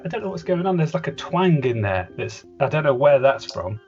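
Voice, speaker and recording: A man's voice: on the high side, sing-song, fairly quick, darkish tone. Man, comedy podcast host, rambling and hesitant, dull lo-fi audio, faint music behind. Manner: rambling, hesitant, with many restarts. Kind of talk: comedy sketch as a voice director.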